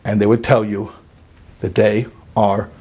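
A man telling a personal story in a sermon, animated and emphatic, sometimes dropping low and quiet for serious points. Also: measured pace, slightly rough. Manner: animated, jumps to high emphatic peaks. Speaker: religious speaker.

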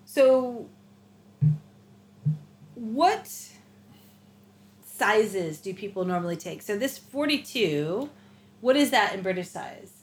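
A woman's voice: medium pitch, animated, takes it slowly, pauses often. Woman, lesson host, chatty questioner, echoey room. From United States. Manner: chatty, asks short prompt questions. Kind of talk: casual language lesson. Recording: echoey room with faint noise.

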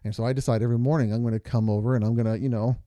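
A man's voice: mid-range voice, steady tone, racing, warm tone, no echo. A man co-hosting a podcast with his wife, talking earnestly through long examples and stories. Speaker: podcast co-host. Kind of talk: casual podcast conversation.

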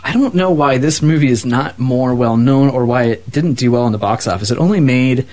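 A man's voice: medium pitch, brisk, a little mellow. A man co-hosting a podcast, chatting casually about a movie with enthusiasm and lots of fillers. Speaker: podcast co-host. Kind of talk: casual movie review chat.

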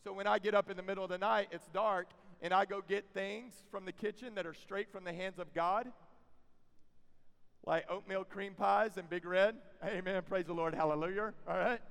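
A man preaching a sermon to a youth camp crowd, moving from quiet teaching to loud, emphatic preaching with folksy asides. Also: high-pitched, fairly even intonation, normal speed, gravelly, smooth. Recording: long reverb of a large hall.

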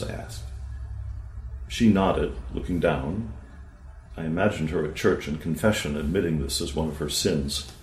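A man, a therapist, reading a case study aloud in a measured, calm storytelling manner and voicing the dialogue he quotes. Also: extremely low pitch, echoey room, low-quality recording.

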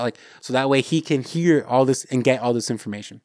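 A man's voice: medium pitch, brisk, few pauses, dry recording, clean studio sound. A man with an American accent, a podcast host chatting casually and retelling a film scene, acting out the lines. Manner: animated retelling, acts out movie lines. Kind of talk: casual chat.

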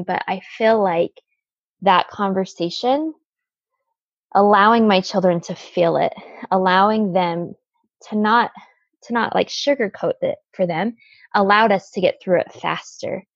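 A woman in her thirties, the guest, earnestly telling an emotional personal story with halting restarts. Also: medium pitch, steady tone, vocal fry, no room sound. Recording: slightly dull lo-fi sound.

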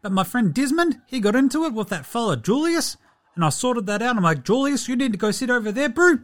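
A man's voice: very high voice, big pitch swings, a little fast, fairly bright tone, exaggerated voice. A man putting on a chummy New Zealand baller. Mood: easygoing. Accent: New Zealand (put on). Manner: chummy, rambling, says "bro" and "eh" constantly. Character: laid-back friendly New Zealand basketball big man. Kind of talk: comedy bit, mock diary entry.

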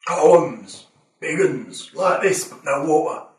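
A timid, simple-minded ogre with a Cockney accent, voiced by a man, drawls out broken phrases. He talks slowly from well away from the mic, in an echoey room. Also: fairly high pitch, expressive, distant mic. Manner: broken simple speech, slow.

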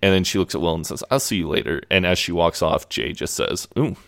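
A man's voice: low voice, quick pace, creaky, fairly bright tone. A man co-hosting a podcast, retelling a TV episode in a loose, chatty way with plenty of fillers. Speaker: podcast co-host. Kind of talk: casual episode recap.

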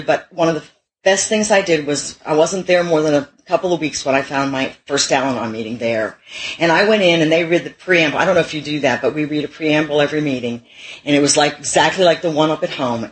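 She's a middle-aged woman with a deep voice, speaking briskly as she recounts her experience at a recovery meeting. Her tone is candid and self-deprecating, broken up by frequent laughs, and the recording is rough.

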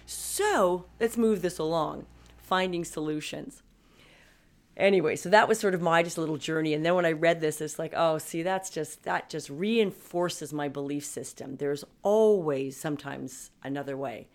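A woman's voice: deep voice, normal speed. A woman in her fifties talking casually and emphatically to her viewers about advocating for yourself, often restarting her sentences. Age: 50s. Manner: chatty and emphatic, with frequent restarts. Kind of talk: casual personal talk to viewers.

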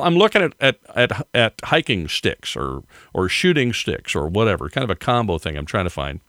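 A man's voice: lowish voice, fairly bright tone, no room sound, studio quality. An older man hosting a podcast, rambling through a casual monologue with chuckling asides. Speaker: podcast host.

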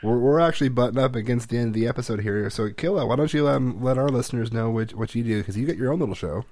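A man's voice: mid-range voice, fast, a little mellow, no room sound. A man hosting a podcast, chatting and joking casually, often restarting his sentences. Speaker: podcast host. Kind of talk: casual chat.

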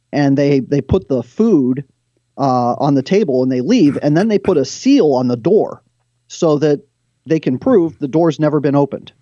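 A man's voice: a little high, dry recording. Man telling stories on a muffled line. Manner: animated storyteller, reads passages aloud. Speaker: guest. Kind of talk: retelling scripture stories in conversation.

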